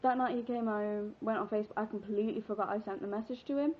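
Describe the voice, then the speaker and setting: A woman's voice: medium pitch, steady tone, fast talker, slight background noise. Giggly teenage girl vlogging, lo-fi. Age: teens. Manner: chatty, giggly, rambling with fillers. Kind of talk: casual vlog storytelling. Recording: dull lo-fi webcam audio.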